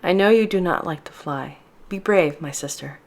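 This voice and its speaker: A woman voicing a calm, protective brother. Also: lowish voice, moderate pace, natural voice. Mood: reassuring. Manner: calm, reassuring, gentle. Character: protective Russian man, calm older twin brother.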